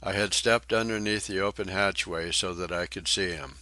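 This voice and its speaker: A man reading an adventure novel aloud as audiobook narrator, in steady, even storytelling. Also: deep voice, normal speed, no room sound. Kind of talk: scripted narration.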